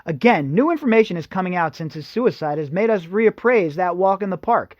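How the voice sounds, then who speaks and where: A man's voice: sits high, animated, brisk, no echo, lo-fi sound. A man hosting a podcast, reading news articles and breaking off into sarcastic, mocking commentary to his listeners. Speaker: podcast host. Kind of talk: ranting commentary over read-out news.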